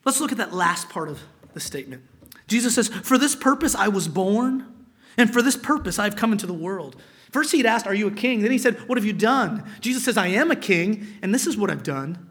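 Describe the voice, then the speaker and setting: A man's voice: sits high, animated, brisk, a bit bright. A male pastor preaching a sermon, reading scripture aloud and explaining it, sometimes dropping to a whisper for emphasis.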